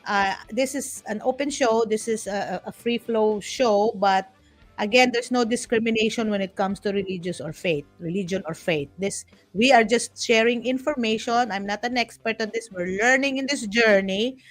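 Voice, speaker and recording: A woman's voice: on the high side, moderate pace, faint music behind. A woman with a Filipino accent hosting a casual talk show, chatting with playful asides and frequent restarts. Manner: chatty, switching between English and Tagalog; restarts often and teases herself with playful asides.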